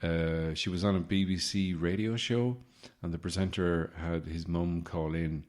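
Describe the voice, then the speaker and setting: Low-voiced male podcast host, sardonic, rambling comic monologue. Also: fairly even intonation, measured pace, darkish tone.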